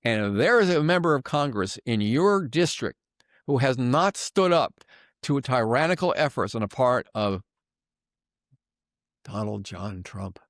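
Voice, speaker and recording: A man's voice: medium pitch, big pitch swings, a little slow, no room sound, studio quality. An older man delivering an angry, sarcastic political commentary monologue, emphatic and heated.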